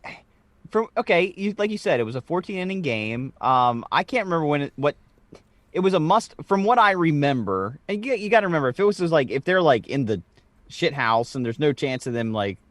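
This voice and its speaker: A man's voice: mid-range voice, a bit bright, dry recording. A man co-hosting a podcast, telling a story in casual chat, swearing freely with stammered restarts. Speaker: podcast co-host.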